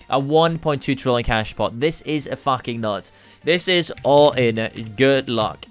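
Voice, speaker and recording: A man giving excited commentary on his own gambling gameplay, cursing freely and swinging between cheering and groaning. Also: mid-range voice, measured pace, smooth, soft background music. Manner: hyped, swears a lot, swings from yelling to groaning. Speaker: gaming YouTuber.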